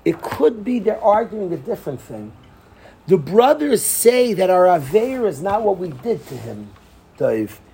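A man's voice: sits high, a little slow, slight background noise. A man teaching a Torah class as a rabbi, telling the story with energy, acting out the quotes and dropping Hebrew and Yiddish terms into his English. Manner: animated storyteller who acts out quotes and laughs often. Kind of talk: lively Torah class lecture.

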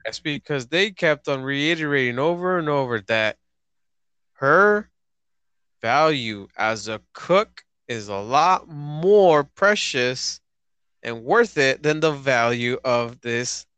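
A man's voice: medium pitch, expressive, slow pace, a bit bright, clean tone, dry recording. A man who is a guest on a casual movie review chat, talking loosely and swearing. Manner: loose, swearing, with restarts and fillers. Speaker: podcast guest.

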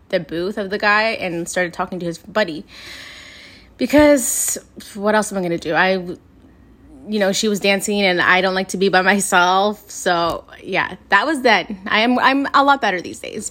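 A young woman from Canada talks straight to her listeners in a relaxed, chatty way on her solo podcast. Her voice sits at an ordinary middle pitch, and she keeps calling her audience "you guys" as she tells stories. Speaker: podcast host. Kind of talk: casual solo podcast storytelling.

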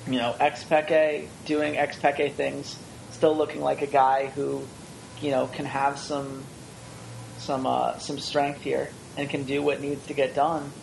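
A man co-hosting an esports podcast, chatting casually with quick, wry jokes. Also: mid-range voice, creaky, slight background noise, poor audio.

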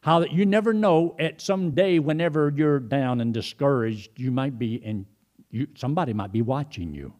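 A man's voice: mid-range voice, expressive, normal speed, a little mellow. A middle-aged man preaching a sermon, telling folksy stories and retelling phone calls in quoted speech. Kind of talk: sermon with storytelling.

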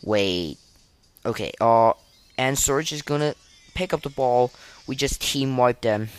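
A man's voice: mid-range voice, lively intonation, a little slow, slight background noise. A young man giving live gameplay commentary, flustered and self-deprecating, full of fillers and restarts. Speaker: gaming podcaster.

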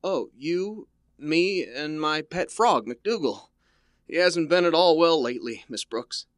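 A man's voice: a little high, expressive, measured pace, a bit bright, no room sound, studio quality. An actor playing a shy, awkward male teacher in a 1950s radio comedy, hesitant and fumbling. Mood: bashful.

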